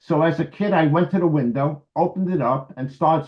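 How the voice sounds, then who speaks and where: A New York City man in his seventies lectures over a video call, telling stories in a wry, anecdotal, conversational manner. His voice is on the high side at a normal speed, and the recording sounds muffled.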